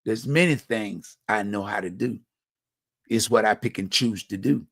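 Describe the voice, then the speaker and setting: A man's voice: on the low side, a little slow, vocal fry, fairly bright tone, husky, no echo, studio quality. A middle-aged man from Virginia, hosting a community talk show, speaking bluntly in a repetitive, slangy, conversational monologue. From Hampton Roads, Virginia. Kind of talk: personal monologue on community violence.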